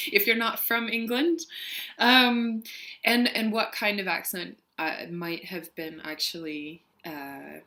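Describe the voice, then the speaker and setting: A young woman vlogger with a medium-pitched, slightly bright voice speaks slowly as she reads a word list and a poem. She then chats casually, laughing often and saying um a lot.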